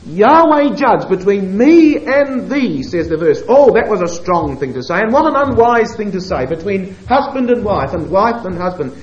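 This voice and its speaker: A man preaching a sermon, moving between quiet asides and emphatic, drawn-out scripture quotations. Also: sits high, highs cut off. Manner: expressive, swings between hushed asides and emphatic quoting.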